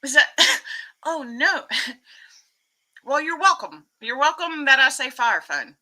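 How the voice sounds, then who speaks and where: Chatty Texan woman streamer, very bright voice, laughs easily. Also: high voice, animated, rough recording. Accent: Texas Southern. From Texas, US. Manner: chatty, giggly, quick to laugh. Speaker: vlogger reading live chat. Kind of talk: casual live-stream chat.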